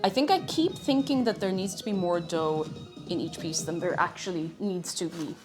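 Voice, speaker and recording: A woman's voice: on the low side, animated, normal speed, soft background music. Woman baking on stream, chatty and giggly, lots of sorry sorry, voice bouncing all over the place. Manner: chatty, self-mocking, prone to giggles and flustered apologies. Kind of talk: casual live-stream chat while baking.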